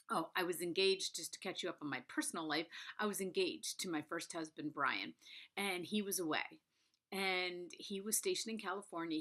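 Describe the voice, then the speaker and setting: Woman, fifties, vlogger; crisp bright tone, earnest storytelling with hushed moments. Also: medium pitch. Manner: confiding, emphatic, drops to whispers. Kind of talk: personal storytelling to camera.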